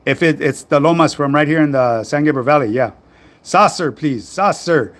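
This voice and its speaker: Socal guy on a livestream, kinda high voice, loose and cussing, reading comments. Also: moderate pace, a bit bright. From Southern California. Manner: slangy, profane, laid-back. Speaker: fitness livestream host. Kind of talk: casual livestream chat answering comments.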